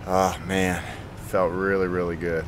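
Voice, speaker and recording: A man's voice: low voice, flat delivery, unhurried, a little hiss or hum. A man vlogging to camera outdoors at a campground, sweaty and exhausted after a long day of riding, upbeat and laughing often. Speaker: cycling vlogger. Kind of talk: casual vlog talk to camera.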